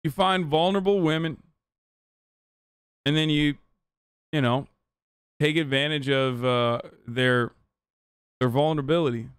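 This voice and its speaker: A man's voice: on the high side, steady tone, unhurried, pauses often, clear, resonant tone, no room sound, studio quality. A man streaming a reaction to a video, cutting in with incredulous, profane comments.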